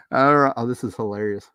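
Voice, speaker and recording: Man, mid-pitched voice, casual reaction commentary, exasperated, rambling with restarts, close mic, dead dry room. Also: a bit bright, clear, resonant tone, no echo. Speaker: movie commentary video host.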